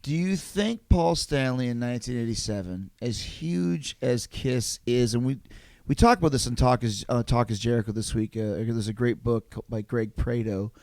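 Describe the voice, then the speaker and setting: A man speaking as a podcast guest, full of emphatic energy and quick to swear. His voice sits at an ordinary middle pitch. The sound is close and dry, with no room around it. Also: no echo. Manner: animated, emphatic and profane. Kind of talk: casual podcast chat.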